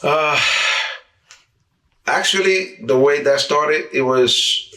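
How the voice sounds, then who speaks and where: Slow, pushed and bright, this fairly high male voice belongs to a former street racer from the New York area being interviewed. He relates casual stories, acts out what people said and restarts his words a lot, captured on a mic set back in a roomy space.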